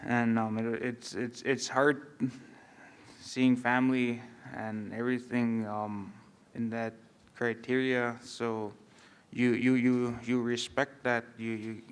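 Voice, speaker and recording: A man on a panel who grew up on a reserve, speaking hesitantly and reflectively with many pauses. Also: mid-range voice, little pitch movement, clean tone. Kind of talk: panel discussion.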